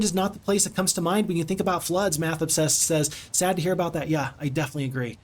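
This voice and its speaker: A male streamer with a fairly high voice talks casually to his viewers while playing a strategy game. He is chatty and expressive and breaks into frequent exclamations. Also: quick pace, few pauses. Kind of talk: casual live-stream chat.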